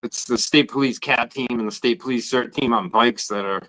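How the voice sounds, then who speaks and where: A man's voice: medium pitch, normal speed, bright, forceful tone, poor audio. A man, talking casually and rambling about protesting outside a court, often restarting his sentences. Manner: rambling, repeats words when starting sentences. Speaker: guest protester. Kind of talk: casual podcast chat.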